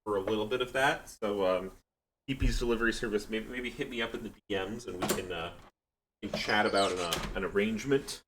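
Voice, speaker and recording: Low-voiced tired male esports caster. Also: fairly quick, a bit bright, slight background noise. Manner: tired, casual, yawning. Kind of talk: live esports play-by-play and chat.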